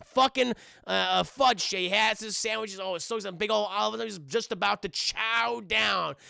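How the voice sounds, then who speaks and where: A man's voice: sits high, normal speed, vocal fry, clear, resonant tone, no room sound, studio quality. A man reviewing a cartoon live for his stream chat, swearing freely and joking as he recaps. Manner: profane, excitable, joking.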